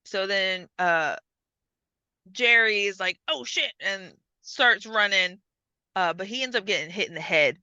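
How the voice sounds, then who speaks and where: A woman's voice: mid-range voice, lively intonation, unhurried, sharp tone, clear, resonant tone, dry recording, muffled recording. A woman hosting a podcast, chatting casually, swearing freely and acting out lines as she retells a story. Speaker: podcast host. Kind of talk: casual chat.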